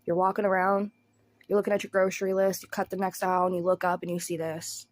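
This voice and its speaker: A woman's voice: fairly low pitch, flat delivery, fast. A woman chatting casually and laughing often as she comments on a clip. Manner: chatty, giggly, slangy. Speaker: commentary YouTuber.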